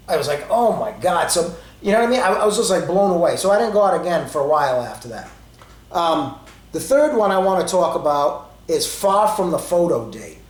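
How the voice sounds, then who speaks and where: A man in his forties with a noticeably high voice tells his stories casually, stringing along fillers and acted-out quotes. The room around him is echoey, so his voice rings a little. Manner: rambling, conversational, with many fillers and quoted dialogue. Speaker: storyteller. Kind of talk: casual storytelling.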